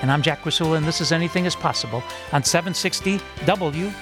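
A man hosting a radio talk show, measured and spelling out details slowly. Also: a little high, over music.

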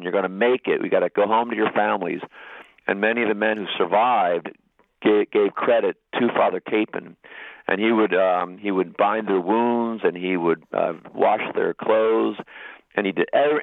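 A bishop telling stories as a guest in a radio interview, earnest and halting with restarts. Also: male voice, fairly low pitch, creaky, dry recording. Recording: tinny phone line.

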